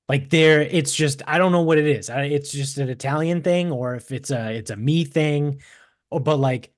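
A man's voice: on the high side, moderate pace, no room sound. Man, early thirties, Boston accent, casual podcast chat, lots of cursing, dry close mic. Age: 30s. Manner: animated, swearing storyteller. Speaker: podcast co-host.

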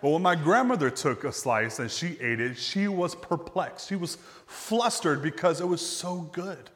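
A man's voice: a little high, lively intonation. Storytelling male pastor in a reverberant church. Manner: conversational storyteller who drops to quiet, slow phrase endings. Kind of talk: sermon with personal storytelling. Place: church sanctuary.

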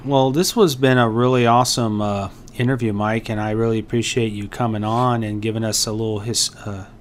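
A man's voice: lowish voice, fairly even intonation, brisk, a little hiss or hum. A man hosting a casual podcast interview, upbeat and chatty, often restarting his sentences. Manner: enthusiastic, heavy on fillers and restarts. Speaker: podcast host.

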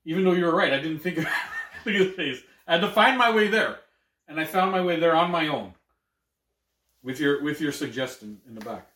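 A man's voice: on the high side, expressive, brisk. Profane laughing man hosting a podcast. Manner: loud, profane, laughs often. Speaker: podcast host. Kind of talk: casual chat. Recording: echoey room, mic at a distance.

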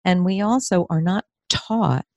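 A therapist and career coach in her fifties from New York State speaks candidly and emotionally in an interview, her pitch rising when she's moved. Her delivery is unhurried and expressive. The studio sound is clean with no echo.

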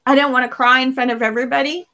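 A woman's voice: high-pitched, fairly even intonation, racing, bright, forceful tone. An adult woman sharing a personal faith testimony in an interview, earnest and vivid, acting out her own past words as she goes. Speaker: interview guest.

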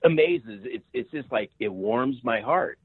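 Husky man over a tinny line. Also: medium pitch, unhurried, no echo. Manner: emphatic, repeats words, asks "right?" often. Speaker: sales author, podcast guest. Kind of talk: energetic interview talk. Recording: tinny phone-line sound.

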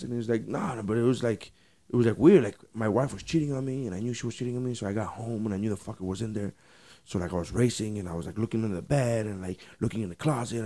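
A man in his thirties from Nicaragua, a comedian telling jokes on a casual podcast, laughing often and dropping his voice low for punchlines. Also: warm tone.

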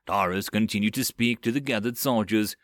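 A man narrating a web novel audiobook with expressive storytelling. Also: on the low side, brisk, dry recording, studio quality.

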